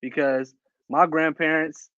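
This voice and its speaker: A man's voice: a little high, measured pace, dry recording. Laughing male co-host on a dull mic. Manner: laughs often, relaxed, slangy. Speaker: podcast co-host. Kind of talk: casual podcast chat.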